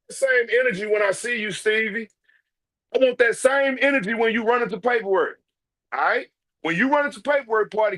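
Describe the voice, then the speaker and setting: A man's voice: high voice, fairly bright tone. A man giving casual ranting commentary, brash and profane, calling people out directly. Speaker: online commentator.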